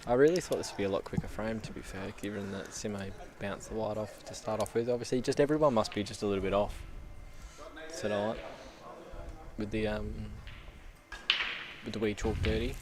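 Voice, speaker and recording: A man's voice: on the low side, steady tone, fairly quick, long pauses, a little mellow. A man with an Australian accent giving casual, rambling live pool commentary. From Western Australia. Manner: chatty, rambling, jokey.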